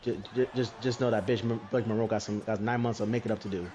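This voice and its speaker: Man, fast ranting podcast co-host, faint room hiss behind. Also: fairly low pitch, fairly even intonation, warm tone, dull audio. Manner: ranting, exasperated. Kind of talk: casual wrestling chat.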